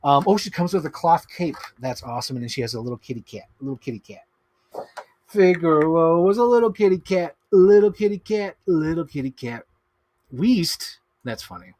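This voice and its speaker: A man in his thirties hosting a casual unboxing stream, chatting in an excitable, rambling way with bursts of laughter. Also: on the high side, moderate pace, a little hiss or hum. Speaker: streamer host. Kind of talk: casual chat while unboxing collectibles.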